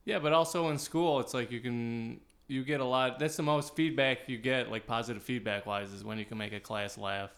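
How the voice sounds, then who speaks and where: A man co-hosts an improv podcast in a middle-pitched voice. He chats in a relaxed, halting way, recalling school days. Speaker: podcast co-host. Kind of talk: casual chat.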